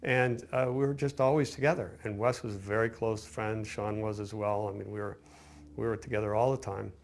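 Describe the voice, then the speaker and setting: A man's voice: on the low side, steady tone, brisk, slight background noise. An older man, a film director, recalling his career in a rambling interview with many restarts. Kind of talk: casual interview recollection.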